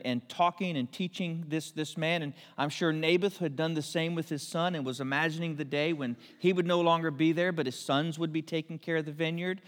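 A man preaching a storytelling sermon, his voice set a little high for a man. He acts out the characters now and then. A long reverb trails each phrase, as in a big church hall. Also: a bit bright. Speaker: pastor.

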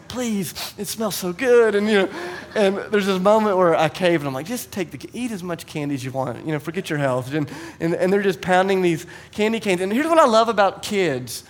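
A man in his thirties preaching a sermon, telling stories and acting out voices in a conversational, animated way. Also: on the high side. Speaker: pastor. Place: church.

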